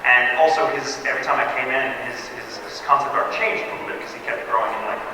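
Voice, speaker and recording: A man's voice: mid-range voice, quick pace, distant mic. A man answering fan questions on a convention panel, telling jokey stories and acting out quoted lines. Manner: animated, jokey storytelling with quoted voices. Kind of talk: live Q&A panel talk. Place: convention hall with audience. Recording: echoey hall, mic heard from afar, noisy.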